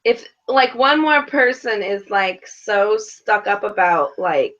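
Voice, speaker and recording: A woman co-hosting a casual reality TV chat with her son, ranting in a blunt, profane, animated way. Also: medium pitch, takes it slowly, dull audio. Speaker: podcast co-host, mother.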